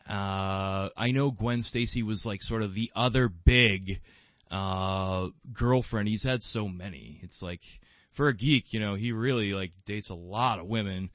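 A man's voice: on the low side, fairly bright tone, no room sound. A man co-hosting a podcast in casual fan chat, rambling with lots of fillers and restarts, with bursts of enthusiasm. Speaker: podcast co-host.

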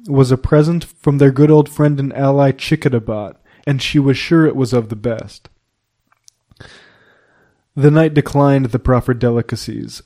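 A man reads a classic novel aloud with a mellow, warm tone at an ordinary middle pitch. His delivery is measured and even, and he gives the characters' lines only a light touch of voicing. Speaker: audiobook narrator.

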